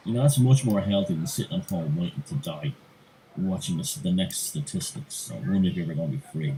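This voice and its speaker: Low-voiced man rambling on a stream. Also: fast, mellow, a little hiss or hum, rough recording. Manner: rambling, swears, acts out quoted people. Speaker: live stream host. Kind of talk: rambling casual chat.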